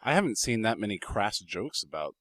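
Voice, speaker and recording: A man's voice: on the low side, big pitch swings, fairly quick, fairly bright tone, no echo. Blunt storytelling man, dry close sound. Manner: blunt, swears casually, tells stories. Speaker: podcast co-host. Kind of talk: casual chat.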